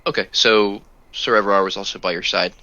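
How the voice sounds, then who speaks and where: Male game master, crisp, forceful tone, steady descriptive narration; dull, muffled recording. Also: lowish voice, a little fast, no echo.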